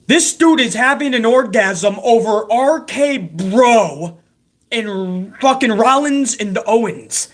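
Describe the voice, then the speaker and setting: A man's voice: extremely high pitch, lively intonation, slow pace. A man hosting a wrestling recap show, ranting in a heated, sarcastic way with constant swearing.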